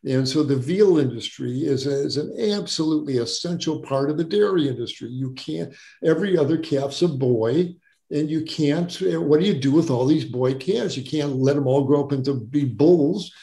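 An older man speaks earnestly in a warm, mellow voice that sits a little high for a man. He keeps stressing his points by repeating words. The sound is roomy and echoey. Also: normal speed. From Wisconsin, USA. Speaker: guest doctor. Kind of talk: interview storytelling.

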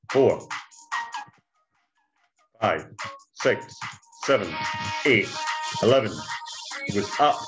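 A man teaching a trading setup on screen, talking like a hyped salesman who keeps calling out to "ladies and gentlemen". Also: medium pitch, low-quality recording. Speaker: trading instructor. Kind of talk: screen-share trading walkthrough. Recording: music bed behind voice.

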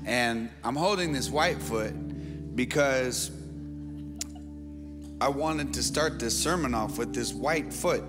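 A male pastor giving a sermon, joking and quizzing his congregation in a playful way. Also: medium pitch. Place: large church auditorium. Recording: long church-hall reverb.

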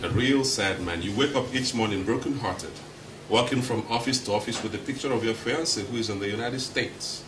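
An actor with a Nigerian accent playing a senior pilot who talks earnestly to a friend. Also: male voice, lowish voice, fairly quick, close to an everyday voice. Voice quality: earnest, brotherly persuasion. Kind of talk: Nollywood film acting. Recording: roomy distant film audio with noise.

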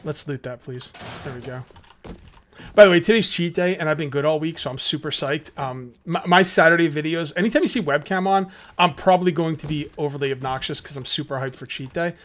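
A young adult man giving casual let's-play commentary as a gaming YouTuber, chatty and excitable, full of rambling asides. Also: a little high, a little fast.

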